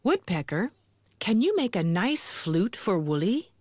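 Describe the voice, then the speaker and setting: A woman voicing a wise, kind old male owl in a children's storybook, pondering aloud with drawn-out hums. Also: mid-range voice, very animated, darkish tone, no echo, clean studio sound, soft background music.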